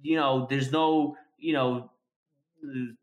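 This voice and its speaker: A man's voice: mid-range voice, slow pace, highs cut off. A man in casual podcast chat, telling a story with lots of swearing and acting out both sides of a conversation. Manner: profane, animated storytelling, acts out quoted conversations.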